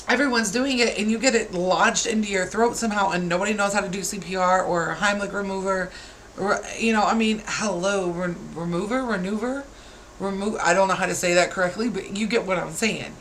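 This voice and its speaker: A woman's voice: mid-range voice, brisk, a bit bright, slight background noise, low-quality recording. A woman in her thirties, a parent, ranting to camera with exasperated, scolding rhetorical questions. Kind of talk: heated rant to camera.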